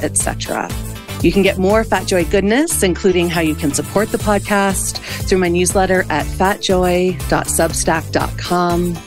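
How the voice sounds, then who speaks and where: A woman hosting a podcast and interviewing a guest, openly emotional and gushing. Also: lowish voice. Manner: emotional, gushing, laughs often. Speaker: podcast host and coach.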